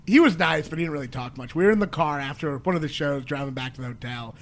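A man's voice: on the high side, quick pace. A man, a stand-up comedian, telling a rambling story in casual podcast chat and acting out the people in it. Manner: rambling storyteller, acts out voices loudly in quotes.

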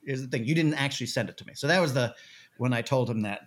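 Guest spot: male storyteller, mid-pitch, animated, swears freely. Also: quick pace. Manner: animated, swearing, acts out quoted voices. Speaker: podcast guest. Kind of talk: casual storytelling.

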